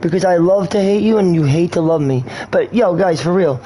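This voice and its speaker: Brief: rambling slangy male streamer, high voice, faint background noise. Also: a little fast, dark tone. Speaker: game streamer. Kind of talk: rambling casual stream talk.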